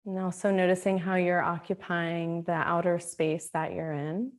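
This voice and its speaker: A woman teaching a guided meditation, speaking in a slow, soothing, gently inviting way. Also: on the low side, level tone. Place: Australia.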